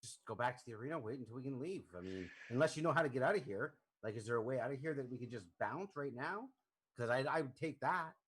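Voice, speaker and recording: A man's voice: medium pitch, quick pace, husky. A man playing a tabletop game, joking and talking casually in character. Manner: animated, joking. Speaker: player.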